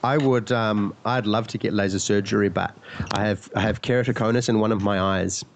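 A man's voice: fairly low pitch, steady tone, fairly quick, a little hiss or hum. A man with a cold chatting casually on a podcast, rambling and correcting himself as he searches for words. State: sick with a cold. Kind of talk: casual chat.

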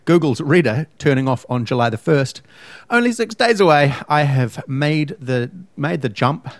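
A podcast co-host in casual chat rants emphatically and gets pedantic over word meanings. His voice is a little high and expressive, at normal speed, with no echo.

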